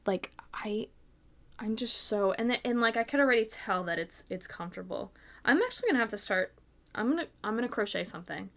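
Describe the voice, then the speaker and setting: A young woman hosting a crafting podcast, gushing and gasping excitedly as she unboxes handmade gifts. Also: fairly high pitch, creaky. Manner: gushing, gasping, swears mildly, fast bursts of excitement. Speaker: podcast host.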